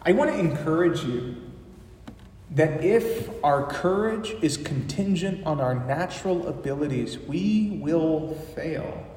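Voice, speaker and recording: A male pastor preaching a sermon, impassioned, slowing down for emphasis and rising in volume. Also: fairly high pitch, animated, a little mellow, slight background noise. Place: church sanctuary. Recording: echoey hall from far off.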